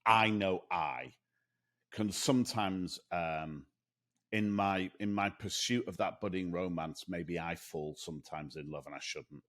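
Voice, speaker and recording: A man co-hosting a sales podcast in casual chat, rambling and animated, with many restarts. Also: deep voice, measured pace. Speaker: podcast co-host.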